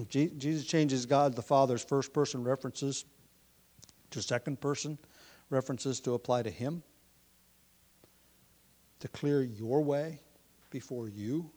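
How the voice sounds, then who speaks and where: A man preaching an expository sermon, reading scripture with rising emphasis and adding conversational asides. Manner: emphatic, rises in pitch and volume when reading scripture; conversational asides with restarts and light laughs.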